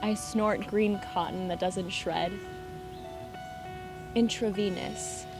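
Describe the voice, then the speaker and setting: An actress playing a moody young woman with a wry, deadpan way of reciting her dark poems. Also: medium pitch, slow pace. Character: young woman, moody, poetic, hard to comfort. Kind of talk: film dialogue, reciting a poem. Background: music.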